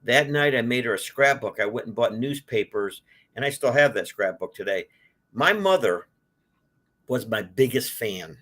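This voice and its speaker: A man's voice: medium pitch, expressive, normal speed, fairly bright tone. Older man telling stories, loose and rambling. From Detroit, USA. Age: 60s. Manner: rambling, with many fillers and restarts. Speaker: guest, collector. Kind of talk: casual storytelling.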